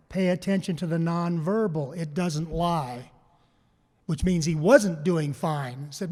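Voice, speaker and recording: A man speaks to a conference crowd in a high, bright voice. He tells stories and draws answers from the audience, repeating them back. His voice rings out with a long hall reverb. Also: moderate pace. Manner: storytelling, asks the crowd questions and repeats their answers. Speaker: panel speaker on farm mental health. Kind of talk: public talk to a live audience.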